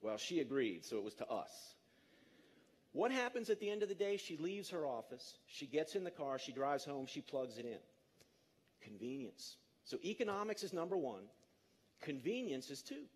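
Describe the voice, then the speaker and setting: Conference speaker, man in his fifties, emphatic and lively with the crowd, voice a bit higher than most. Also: normal speed, husky. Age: 50s. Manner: energetic, emphatic, engages the audience. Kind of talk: live public talk.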